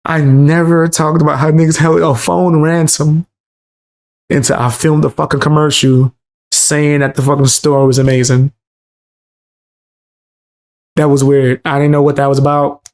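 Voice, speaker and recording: A man's voice: a little high, flat delivery, moderate pace, long pauses, a little mellow. Profane Bronx man telling stories. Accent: New York (Bronx). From the Bronx, New York. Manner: loose, profane storytelling with street slang. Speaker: live streamer. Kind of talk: casual chat.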